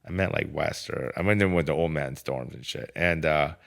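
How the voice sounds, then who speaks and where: A man as a podcast guest, telling his own story in a casual, animated way, swearing often and saying "dude" and "bro.". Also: rumbling low, moderate pace, gravelly. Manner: profane, animated, lots of filler like "dude" and "bro".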